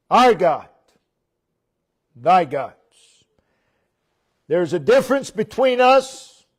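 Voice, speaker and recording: In a church, a man delivers a sermon, stressing key phrases through repetition and letting the ends of his lines drop low and soft.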